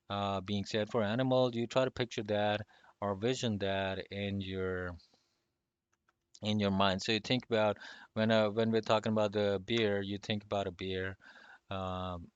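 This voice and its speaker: A man teaching a relaxed online lesson, speaking loosely with lots of fillers and chuckles. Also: fairly low pitch, clean tone, dry recording, dull audio. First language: not Spanish. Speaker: language teacher.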